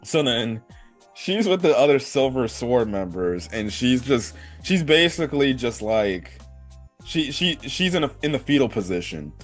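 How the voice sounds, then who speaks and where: A man's voice: medium pitch, big pitch swings, unhurried, soft background music. A man casually recapping an anime episode, rambling with lots of fillers and cursing. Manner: rambling, swears, many fillers like "like" and "right". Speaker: anime reviewer.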